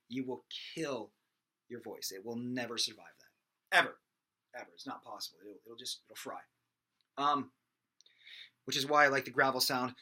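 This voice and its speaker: Bright-voiced man rambling through a vocal lesson. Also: mid-range voice. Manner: rambling, loose, with many fillers and restarts. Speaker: singing teacher. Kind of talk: casual vocal lesson with sung demonstrations.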